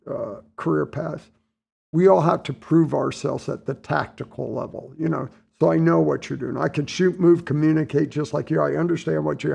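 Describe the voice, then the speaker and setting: A man in his sixties from the United States, telling stories in a relaxed interview, acting out what people said. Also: on the high side, vocal fry, breathy edge. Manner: relaxed anecdotal storytelling, acts out dialogue. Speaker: podcast guest, retired Navy admiral. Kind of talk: casual storytelling interview.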